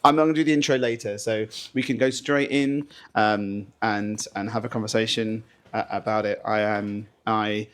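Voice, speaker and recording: A man's voice: lowish voice, steady tone, moderate pace, hardly any pauses, clean tone. A man hosting a podcast, talking in a rambling, self-conscious, chatty way as he opens a casual interview over a remote connection. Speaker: podcast host. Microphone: remote call setup with headphones.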